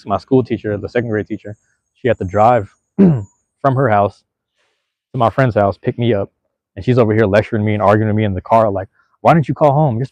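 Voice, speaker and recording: A man's voice: mid-range voice, a little mellow, no echo. A young man from Seattle, hosting a podcast and telling a childhood story in a laid-back, slangy, profane way. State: out of breath. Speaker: podcast host. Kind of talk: casual storytelling.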